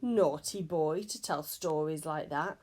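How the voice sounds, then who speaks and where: A woman reading a storybook aloud, putting on the voice of a loud, frightening old schoolmistress. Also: mid-range voice, expressive, measured pace, creaky. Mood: stern.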